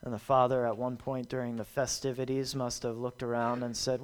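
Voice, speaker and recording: A man's voice: medium pitch, level tone, a little fast, clean tone. A man preaching a sermon, retelling a parable with emphatic, repetitive phrasing.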